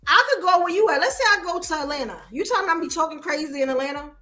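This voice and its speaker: A woman's voice: sits high, racing. A woman from Brooklyn with a New York accent, emphatically telling stories on a casual podcast. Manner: animated, emphatic storytelling. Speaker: podcast co-host.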